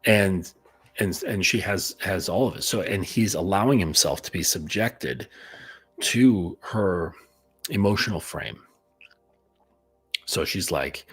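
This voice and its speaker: Low husky-voiced man, blunt coaching talk. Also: expressive, unhurried. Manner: blunt, conversational, many fillers. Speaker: dating coach. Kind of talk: casual monologue.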